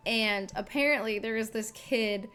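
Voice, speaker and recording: A woman's voice: fairly high pitch, a little slow, pushed and bright, clear, resonant tone, soft background music. Chatty young woman rambling at a desk mic. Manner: rambling, chatty, heavy filler words. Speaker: singer and streamer. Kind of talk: casual chat on a live stream. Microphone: desk microphone.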